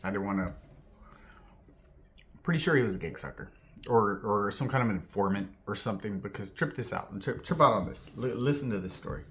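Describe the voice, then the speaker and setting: A vlogger from Southern California rambles through a personal story in a fairly low voice, talking a little fast. He's animated and leans heavily on fillers, acting out the voices of the people he describes.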